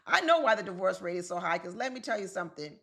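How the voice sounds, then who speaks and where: A woman's voice: lowish voice, big pitch swings, fast, gravelly, a bit bright. Chatty woman commentator who laughs often. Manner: chatty, laughs often, talks straight to viewers. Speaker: relationship coach and commentator. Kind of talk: casual commentary vlog.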